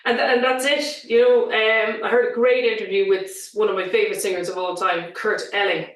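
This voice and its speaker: A woman vocal coach chatting in an interview, talking in an animated way and sometimes showing vocal sounds. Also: mid-range voice, moderate pace, recorded from a distance. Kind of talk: casual interview chat. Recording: roomy, set back from the mic.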